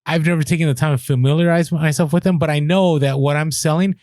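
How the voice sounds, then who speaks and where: A man co-hosting a casual podcast, chatty and quick with asides, often restarting his sentences. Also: on the high side, fairly even intonation, darkish tone, dry recording, clean studio sound. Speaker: podcast co-host.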